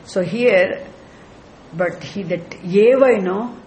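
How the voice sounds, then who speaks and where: Slow, emphatic male spiritual teacher. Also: sits high, a little mellow, slight background noise. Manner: emphatic, repetitive, chuckles often. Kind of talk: scripture lecture.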